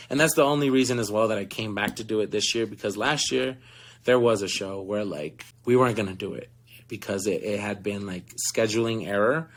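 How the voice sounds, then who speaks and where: A young man in his twenties, a touring actor, telling earnest stories in a casual interview, with many fillers and frequent laughs. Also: fairly low pitch.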